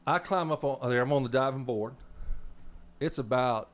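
A man with a South Arkansas accent co-hosts a casual faith talk. His voice sits at an ordinary middle pitch. He wanders through his stories and keeps restarting his sentences. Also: unhurried. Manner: rambling storyteller, many restarts. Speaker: podcast co-host.

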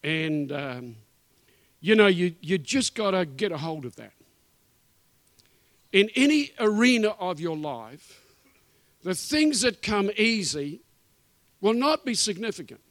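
A man's voice: high voice, big pitch swings, slow, pauses often, a bit bright, no room sound. A man preaching as a guest speaker in a church, emphatic and repetitive, with casual asides. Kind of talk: sermon.

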